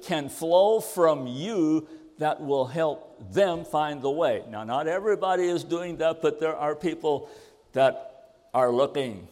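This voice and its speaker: Older man preaching, earnest and deliberate, slightly high pitch, in a reverberant church hall. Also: a little mellow. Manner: earnest storytelling, slows for scripture. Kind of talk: sermon with a personal story.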